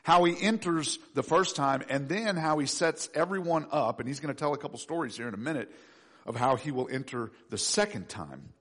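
A male pastor preaching a sermon to his congregation, swinging between soft low asides and loud rising pleas. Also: brisk.

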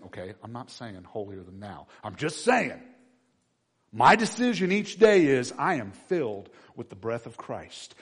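Preacher guy, husky voice, goes from yelling to quiet, asks the church questions. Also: big-room sound. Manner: swings from loud shouted passages to low quiet ones, asks the congregation questions. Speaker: pastor. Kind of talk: sermon.

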